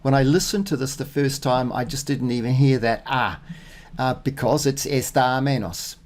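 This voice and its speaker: Man, casual self-recorded practice talk, thinks aloud, reads phrases slowly, lots of ums. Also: mid-range voice, a little mellow. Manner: thinking aloud, many fillers and restarts. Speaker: Spanish learner.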